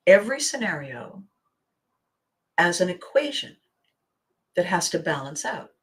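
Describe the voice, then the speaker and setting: Animated woman host telling a story. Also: fairly low pitch, slow pace, long pauses. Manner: animated, laughs often while telling a story. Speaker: podcast host. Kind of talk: storytelling monologue.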